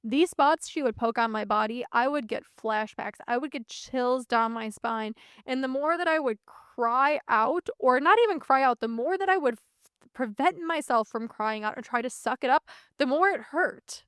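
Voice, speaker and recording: A woman's voice: sits high, normal speed, fairly bright tone, dry recording, clean studio sound. A woman in her thirties hosting a reflective solo podcast, talking candidly and earnestly and swearing casually. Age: 30s. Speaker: podcast host.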